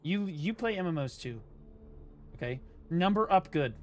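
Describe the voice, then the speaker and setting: A man's voice: a little high, animated, moderate pace, a little hiss or hum. A man streaming a game who banters in a teasing, profane, mock-insulting way. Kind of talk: casual gaming banter.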